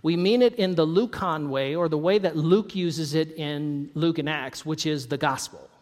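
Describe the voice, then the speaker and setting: A pastor from North Idaho preaches a sermon in a high, light voice with a darkish tone at normal speed. He's friendly and conversational, dropping in joking asides and laughing often. A long reverb makes his voice ring as if in a large church hall.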